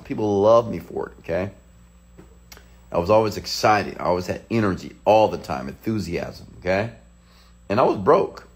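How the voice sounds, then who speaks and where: A man in his thirties, a motivational speaker, telling a personal story in an animated way, with sudden excited shouts. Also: on the low side.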